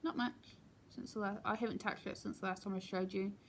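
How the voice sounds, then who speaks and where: A woman chatting casually at home as she shows her cross-stitch projects, talking in a relaxed way with plenty of ums and asides. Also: mid-range voice, brisk, slight background noise. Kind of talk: casual show-and-tell chat.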